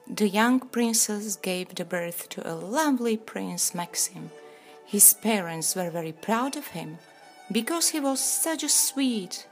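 Slow, gravelly-voiced woman storyteller. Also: mid-range voice. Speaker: narrator. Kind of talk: storybook reading aloud.

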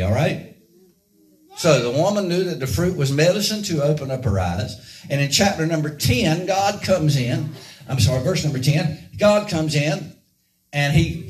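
A man preaching a sermon in a folksy way, quizzing his congregation with rhetorical questions. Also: fairly high pitch. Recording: echoey room from a distant mic.

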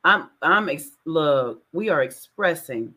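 Lower pitched woman, bright sharp voice, agrees a lot, faith show cohost. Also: expressive, slow pace, husky. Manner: affirming, chimes in with agreement. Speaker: co-host. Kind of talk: faith talk show chat.

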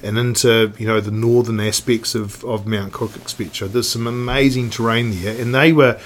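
A man's voice: mid-range voice, steady tone, normal speed, a little hiss or hum. Rambling middle-aged New Zealand man. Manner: rambling, many restarts and fillers. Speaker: guest, snowboard industry veteran. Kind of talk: casual podcast chat.

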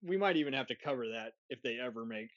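A man's voice: mid-range voice, lively intonation, quick pace, no echo. Man, podcast host, rambling casual movie chat, dry dull lo-fi sound. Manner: rambling, self-interrupting, laughs often. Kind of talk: casual film review chat.

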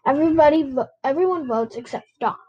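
A woman voicing an organized, bossy teenage girl who leads a club, reading a novel aloud in a brisk, businesslike way. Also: sits high, dull audio, voice pushed up, lightly acted.

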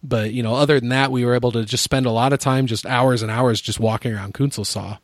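A man's voice: medium pitch, fairly even intonation, quick pace, dry recording, studio quality. A young man telling a travel story in casual chat, rambling and swearing, laughing often. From United States. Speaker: podcast co-host.

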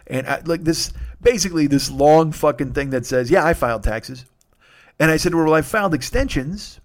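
A man hosting a podcast, telling a rambling, self-deprecating story in casual monologue and swearing freely, with sudden loud outbursts. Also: a little high, fairly quick. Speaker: podcast host.

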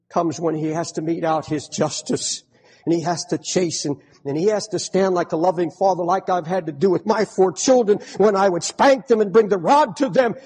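Husky high-voiced preacher in a reverberant hall. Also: male voice. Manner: fervent, swinging between pleading cries and hushed, grave tones. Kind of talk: impassioned sermon.

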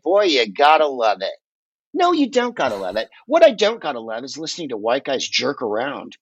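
A man telling long, rambling, animated stories in casual chat as a podcast guest, often swearing along the way. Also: a little high, moderate pace, no echo, low-quality recording. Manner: rambling, animated, profane storyteller.

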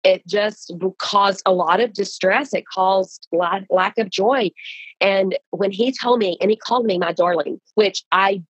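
A woman's voice: medium pitch, a little slow, no room sound, lo-fi sound. A woman guest speaking casually and earnestly about writing and releasing her book, with frequent restarts. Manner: earnest, animated, many restarts. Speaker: author and guest. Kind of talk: casual conversational storytelling.

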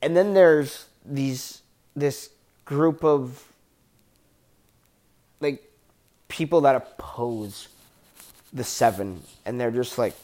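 Slow, rambling man reviewing a show. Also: medium pitch, darkish tone. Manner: rambling and enthusiastic, with frequent restarts and swearing. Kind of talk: casual spoken review.

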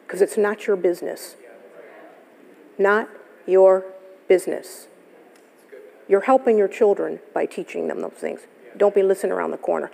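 A woman pastor with a gravelly, dark-toned, medium-pitched voice preaches a sermon, telling stories conversationally and laughing often. It's recorded live at a church service in the sanctuary, with long hall reverb.

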